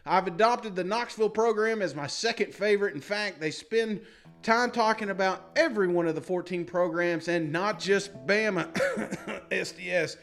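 A man's voice: sits high, moderate pace, fairly bright tone, faint music behind. A man co-hosting a sports podcast, reading listener reviews aloud with jokey asides and frequent laughter. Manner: jokey, laughs often, mock-dramatic asides. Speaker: podcast co-host.

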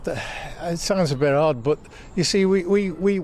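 Older man, mild lancashire accent, halting reminiscence, outdoors, faint street noise. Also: on the high side, a little mellow. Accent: mild Southwest Lancashire. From England. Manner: halting, repeats words while recalling. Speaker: interviewee. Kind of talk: reminiscing in casual conversation. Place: outdoors by a church in a town.

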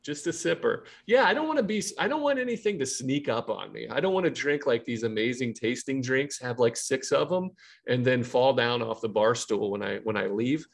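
A man's voice: mid-range voice, expressive, a little fast, vocal fry. Easygoing man, casual sports chat. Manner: easygoing, restarts words often. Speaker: podcast co-host.

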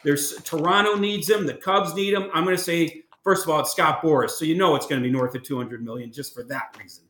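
Male guest analyst, crisp tense tone, roomy remote audio. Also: on the high side, a little fast, few pauses, fairly bright tone. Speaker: guest baseball reporter.

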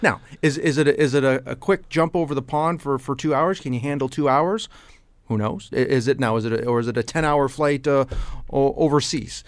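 A man's voice: mid-range voice, a little fast, dry recording. Rambling man co-hosting talk radio. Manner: rambling, restarts often, agreeable. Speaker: radio show co-host. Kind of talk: casual talk radio banter. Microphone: studio microphone.

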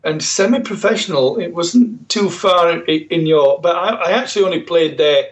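A man's voice: sits high, normal speed, poor audio. A man with a South Yorkshire accent, a former footballer chatting in an interview, good-humoured and often repeating words. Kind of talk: casual interview chat.

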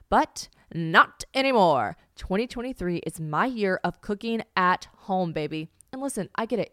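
A woman's voice: medium pitch, no room sound, studio quality. A young adult woman, hosting a podcast in a chatty, casual way and talking to listeners as y'all. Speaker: podcast host. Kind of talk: casual chat and read ad.

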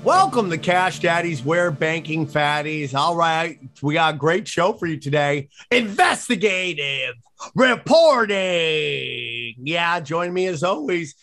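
Male podcast host on a video call, slightly high voice, joking and rambling. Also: normal speed, hardly any pauses, a bit bright. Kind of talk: casual chat.

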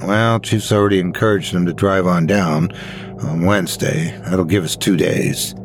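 A man voicing a cautious, loyal young female deputy who speaks softly with sighs. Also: low voice, moderate pace, soft background music, voice pushed down. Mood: earnest. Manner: sighing, soft-spoken.

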